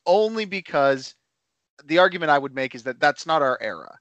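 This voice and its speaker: A man co-hosting a casual wrestling podcast, animated and playful as he banters with his co-host. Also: on the high side, normal speed, no echo, dull audio.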